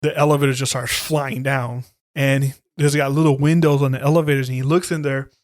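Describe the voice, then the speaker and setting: Profane animated male horror podcaster. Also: mid-range voice, fairly quick, no echo, clean studio sound. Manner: animated storytelling, heavy swearing, acts out lines. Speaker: podcast co-host. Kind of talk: casual chat, retelling a horror movie.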